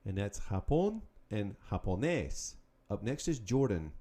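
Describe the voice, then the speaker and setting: A man hosting a Spanish lesson podcast, calling out words, pausing, then giving the answers in an upbeat, patient way. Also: lowish voice, sing-song, mellow. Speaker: Spanish teacher. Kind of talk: podcast language drill.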